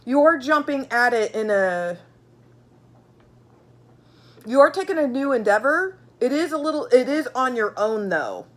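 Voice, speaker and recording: Speaking a little slowly with long pauses, a woman with a high, animated voice does a relaxed tarot reading for her audience. She curses openly, leans heavily on fillers, and repeats things as she pulls each card in her blunt, talkative way.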